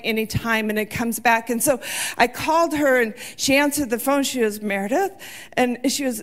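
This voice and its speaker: A woman in her forties giving a sermon, telling personal stories in an earnest, heartfelt way. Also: fairly high pitch. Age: 40s. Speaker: church speaker.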